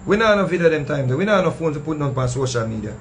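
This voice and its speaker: Jamaican-accented male storyteller, fairly high voice, lively patois delivery, voices the people in the story. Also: very fast, slight background noise. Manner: animated, acting out what others said. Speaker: storyteller recounting a past show.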